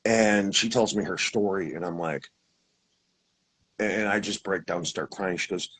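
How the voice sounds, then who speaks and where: A man recounts his experience in a husky, slightly low voice. He rambles, restarts his sentences and acts out what others said as he talks. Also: measured pace, a bit bright, rough recording. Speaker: guest telling his experience. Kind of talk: casual storytelling.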